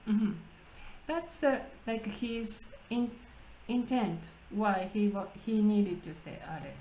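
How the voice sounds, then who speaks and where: Lady hosting a language practice chat, slow, laughs a lot, bit of background hiss. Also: medium pitch, warm tone, rough recording. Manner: slow, chatty, laughs often, restarts phrases. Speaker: English conversation partner and host.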